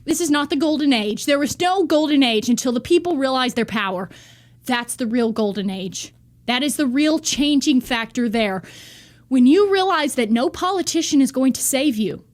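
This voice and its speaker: Woman, high voice, riled up, heated, profane, vlog rant. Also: animated, normal speed. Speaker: vlogger. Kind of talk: ranting vlog monologue.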